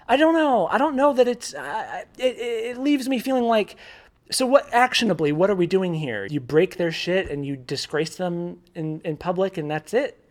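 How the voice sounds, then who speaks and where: Higher-voiced man thinking aloud. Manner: thinks aloud with frequent restarts and repeated words; informal and candid, swears casually. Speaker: film reviewer. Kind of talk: casual spoken film review.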